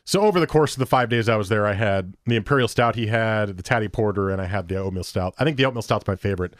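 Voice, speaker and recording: A man's voice: fairly low pitch, fast talker, no room sound, studio quality. A man co-hosting a podcast, chatting casually about beer and telling rambling stories with acted-out dialogue. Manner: rambling, storytelling, acts out quoted dialogue. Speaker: podcast co-host.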